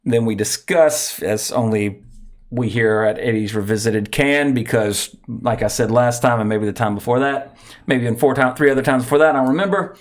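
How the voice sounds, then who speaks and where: A man's voice: mid-range voice, moderate pace. A man hosting a casual podcast, rambling and correcting himself as he sets up a segment. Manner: rambling, self-correcting, chuckles often. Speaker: podcast host.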